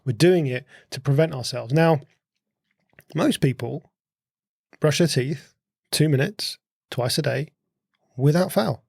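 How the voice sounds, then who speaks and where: Man with a gravelly voice. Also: on the high side, slow, pauses often, darkish tone, no room sound, studio quality. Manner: explains through rhetorical questions, repeats words while thinking. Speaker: podcast guest, host's husband. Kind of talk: casual conversational explaining.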